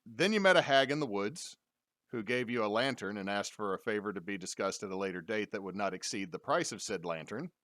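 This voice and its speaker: A man's voice: lowish voice, lively intonation, a little fast, a bit bright, dry recording, clean studio sound. A man acting as dungeon master, giving a casual, jokey recap of a tabletop game on a stream.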